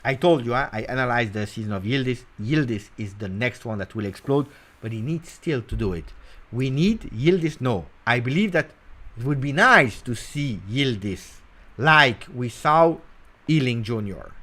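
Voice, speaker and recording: A man hosting a casual football talk show, animated and teasing, jumping between loud bursts and quiet mutters. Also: mid-range voice, moderate pace. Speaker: football channel host. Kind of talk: casual live commentary.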